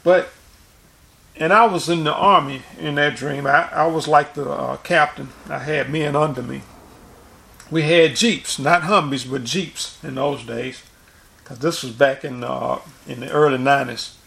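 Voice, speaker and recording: A man's voice: fairly high pitch, a little slow, gravelly, sharp tone. A man preaching informally and recounting a dream, rambling with frequent restarts and repeated words. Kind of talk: informal sermon and dream testimony.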